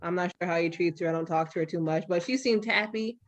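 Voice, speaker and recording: A young adult woman hosting a podcast, talking frankly and with some profanity in an animated, storytelling way. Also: lowish voice, fast. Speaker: podcast host. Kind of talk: candid podcast conversation.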